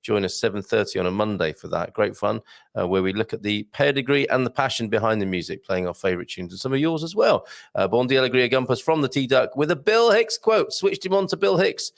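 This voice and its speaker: A man hosts a live online morning show in casual chat, reading out viewer comments with jokes and puns. His voice is gravelly and swoops lively up and down. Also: mid-range voice, a little fast, dry recording, clean studio sound. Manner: jokey and playful, laughs often, puns and put-on voices.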